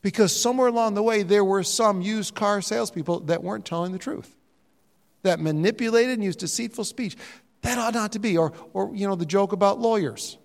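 An older man preaching a sermon, animated and jokey, sometimes mimicking other voices. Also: sits high, brisk, creaky. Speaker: pastor. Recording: reverberant hall sound.

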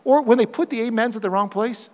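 A man preaching a sermon as pastor, animated and playful, acting out quoted voices for humor. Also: extremely high pitch, fast, long reverb tail.

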